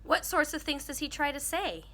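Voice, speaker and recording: Lady reading as a prim little schoolgirl in a storybook, curious, bright and a bit bossy. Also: high voice, very animated, moderate pace, pitched above the performer's own voice, exaggerated voice. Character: young schoolgirl, curious and quick to scold.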